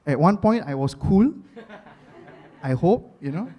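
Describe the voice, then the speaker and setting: A man's voice: high-pitched, big pitch swings, unhurried, dark tone. A man in his thirties with a Singaporean English accent, doing chatty stand-up comedy, with many fillers and repeated phrases. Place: comedy stage before a live audience.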